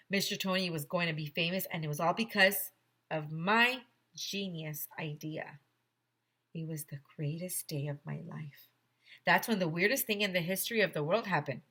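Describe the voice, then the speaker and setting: A woman teacher reads a children's chapter book aloud in an animated, playful way. Her voice is rather low but bright and clear. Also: normal speed.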